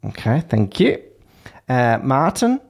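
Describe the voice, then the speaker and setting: A man's voice: mid-range voice, sing-song, slow, creaky, darkish tone. A man hosting a casual podcast chat, playful and a bit hesitant, with trailing fillers. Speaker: podcast host.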